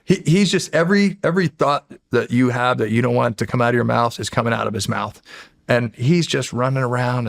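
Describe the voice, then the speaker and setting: Gravelly middle-aged American man, telling stories. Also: medium pitch, dry recording, studio quality. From United States. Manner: animated, acts out voices in his stories. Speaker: podcast guest, former Navy SEAL. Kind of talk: casual storytelling.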